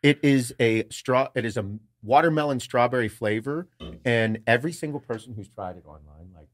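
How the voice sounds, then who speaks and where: A man's voice: mid-range voice, normal speed. Man, podcast co-host, casual chat, swearing, quoting people, laughing. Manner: profane storyteller, acts out quotes, laughs often.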